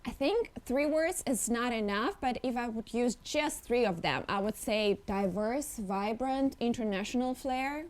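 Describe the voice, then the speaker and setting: A woman's voice: on the high side, a little slow, few pauses. A woman co-host answering questions in a thoughtful, conversational way.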